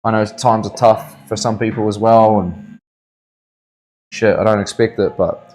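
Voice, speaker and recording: The Kiwi tattoo artist sounds lowish, even and a touch mellow here, speaking a little slowly over poor audio. Relaxed on his live stream, he meanders through anecdotes with lots of cursing.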